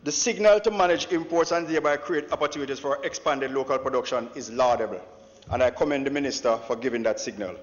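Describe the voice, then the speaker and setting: A man's voice: medium pitch, fast talker. A Jamaican man, an opposition member of parliament, delivering a formal, declamatory speech and often addressing the Speaker. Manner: declamatory, punctuates with "Mister Speaker". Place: large parliament chamber. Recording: dull echoey chamber broadcast audio.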